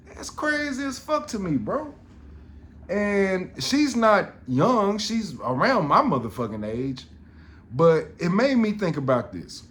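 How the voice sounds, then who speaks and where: A man's voice: high-pitched, sing-song, measured pace, a bit bright. A middle-aged man, telling a story on a podcast in an exasperated, profane rant full of restarts. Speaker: podcast host.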